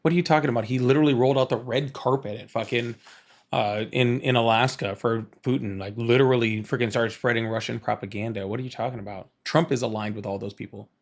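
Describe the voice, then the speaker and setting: A man's voice: medium pitch, steady tone, fast talker. A man hosting a heated political debate, arguing hard, interrupting and repeating his questions. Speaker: host.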